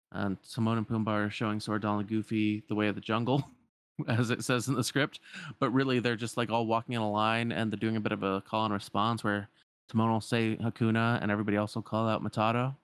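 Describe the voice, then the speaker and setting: A man's voice: fairly low pitch, little pitch movement, quick pace, clear, resonant tone, no room sound. A man casually retelling a video game cutscene, chatty, with lots of fillers and restarts.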